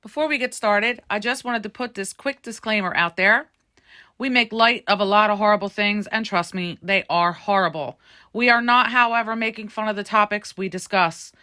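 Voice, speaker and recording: A woman's voice: mid-range voice, pushed and bright. A woman hosting a casual podcast chat, playful and giggly, cracking jokes as she goes. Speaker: podcast host.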